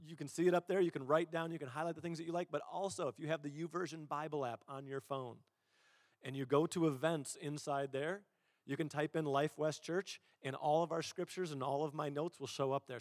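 A male pastor gives a sermon in a casual, self-deprecating, conversational manner. His fairly high voice is close to the mic, with a long church-hall reverb behind it. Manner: conversational, self-deprecating, repeats words when restarting. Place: church auditorium.

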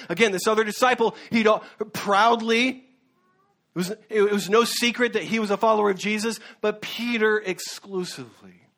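An earnest male pastor preaching a sermon in a slightly higher voice than most men. He speaks with some fillers and self-corrections, pressing his points home. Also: moderate pace, a bit bright.

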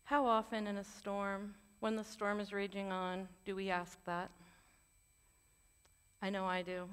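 A woman's voice: mid-range voice, level tone, a little slow, a bit bright, clean tone. Earnest woman preaching in a reverberant hall. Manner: earnest, conversational, candid asides. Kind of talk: sermon.

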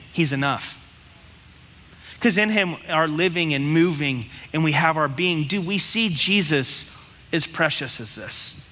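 A man's voice: fairly high pitch, bright, forceful tone, big-room sound. A man preaching a sermon as pastor, talking bluntly and conversationally, with lots of rhetorical questions.

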